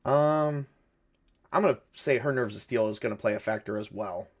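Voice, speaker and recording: A man running and narrating a solo tabletop horror game. He thinks aloud as he plays, pausing often with fillers. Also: medium pitch. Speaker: game master and solo player.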